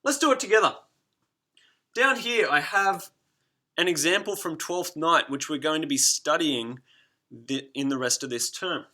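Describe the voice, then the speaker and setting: A man with a bright, slightly high voice gives a recorded lesson to his students. He talks in a lively, encouraging way and chants rhythms aloud to make a point stick. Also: unhurried. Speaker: teacher.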